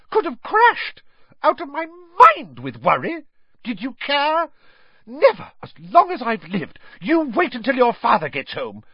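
A man voicing a furious plump middle-aged witch mother, shrill and scolding. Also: no room sound, highs cut off, exaggerated voice.

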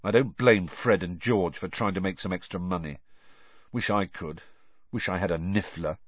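A man's voice: deep voice, moderate pace, no echo, muffled recording. A man voicing a gloomy, touchy teenage boy in an audiobook. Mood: sulky.

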